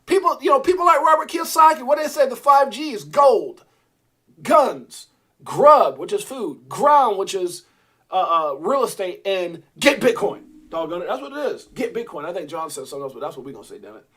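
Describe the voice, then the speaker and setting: A man hosting a live crypto stream in casual chat, joking, excitable and talking straight to his viewers. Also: sits high, moderate pace, breathy edge. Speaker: crypto livestream host.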